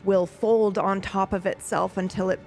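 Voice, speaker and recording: A woman's voice: medium pitch, steady tone, normal speed, over loud music. A woman playing a tabletop game who describes her character's spells thoughtfully, searching for her words. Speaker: player.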